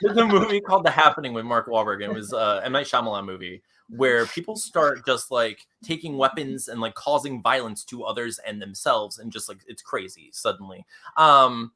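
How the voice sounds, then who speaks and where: A young man co-hosting a live comics stream, rambling and excitable, laughing often. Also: medium pitch, brisk. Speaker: co-host of a comics show.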